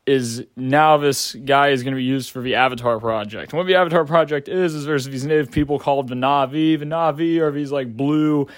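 A man's voice: medium pitch, brisk, few pauses, no echo, clean studio sound. A young adult man giving a casual movie review, rambling with lots of filler words and casual swearing.

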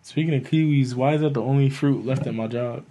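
A young man in casual chat with friends, blunt and profane with deadpan jokes. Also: mid-range voice, fairly quick. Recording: faint background noise.

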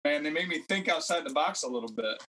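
A man's voice: on the high side, expressive, fast, bright, forceful tone, poor audio. A man in his thirties chatting casually as a podcast guest, rambling through stories and acting out quotes in a raised voice. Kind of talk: casual chat.

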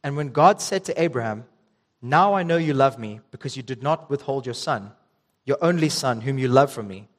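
A young man preaching a sermon, reading scripture and telling a casual story with ums and restarts. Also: medium pitch. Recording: long reverb in a hall.

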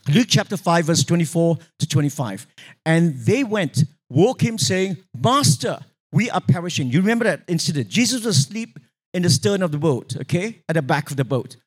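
High-voiced preacher man. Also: moderate pace, slightly rough. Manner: animated storytelling, acting out quoted voices, sudden pitch jumps; asks the congregation for responses. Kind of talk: sermon.

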